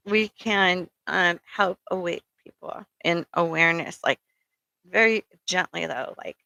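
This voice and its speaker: A woman's voice: fairly low pitch, a little slow, vocal fry, bright, forceful tone, no room sound, rough recording. A middle-aged woman giving rambling, casual spiritual advice, full of ums and checking in with "okay?". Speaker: spiritual speaker.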